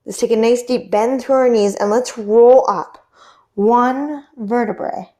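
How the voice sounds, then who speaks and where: A young woman teaching a guided yoga class, giving gentle cues and asking encouraging check-in questions as she leads through poses. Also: fairly high pitch, fairly even intonation, moderate pace. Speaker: yoga instructor.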